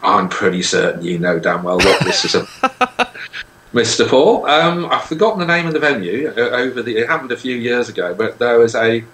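A middle-aged man telling a long anecdote in casual chat, with halting restarts and chuckles. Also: medium pitch, very animated, fairly bright tone, slight background noise. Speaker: guest. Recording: echoey room.

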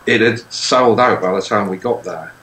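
A middle-aged man telling a long anecdote in casual chat, with halting restarts and chuckles. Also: lowish voice, pushed and bright. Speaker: guest. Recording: echoey room.

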